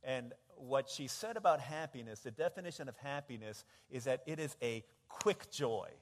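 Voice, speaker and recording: A man preaching a sermon, telling stories in an animated way and acting out voices, swinging from hushed to loud. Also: mid-range voice, moderate pace, long reverb tail, slight background noise. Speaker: pastor.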